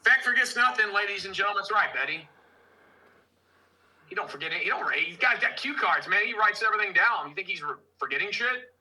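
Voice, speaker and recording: A man hosting a casual livestream, loud and joking, trading banter with his guest. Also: sits high, lively intonation, fairly quick, slightly rough, poor audio. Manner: loud, joking, mocking impressions. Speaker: livestream host.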